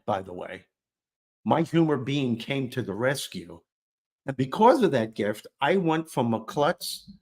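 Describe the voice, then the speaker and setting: Animated man telling a funny childhood story. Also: mid-range voice. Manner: animated, self-deprecating, acts out quotes. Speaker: guest storyteller. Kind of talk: conversational storytelling.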